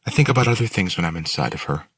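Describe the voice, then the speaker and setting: A man's voice: sits low, lively intonation, racing, a bit bright, breathy edge, pitched above the performer's own voice, heavily acted. Man doing a blunt, hungry possessed woman. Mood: musing.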